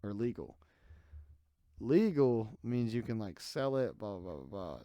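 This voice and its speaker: A man's voice: lowish voice, very animated, a little slow, warm tone, dry recording. A young man hosting a podcast on his own, talking in a rambling, sarcastic way and jumping from one tangent to the next in a small room. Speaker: podcast host. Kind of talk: casual solo podcast rant. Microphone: desk microphone.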